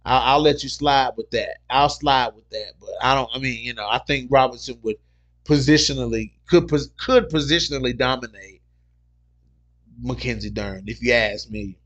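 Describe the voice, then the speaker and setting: An excitable man hosts a casual livestream about fights, reading viewer comments aloud as they come in. He talks in loose slang and repeats his points over and over. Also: medium pitch, moderate pace. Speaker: MMA livestream host.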